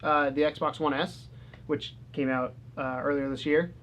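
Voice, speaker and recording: Guy co-hosting a couch gaming chat, kinda high voice, blunt, swears a lot. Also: flat delivery, a little slow, fairly bright tone, slight background noise. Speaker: co-host of a gaming channel.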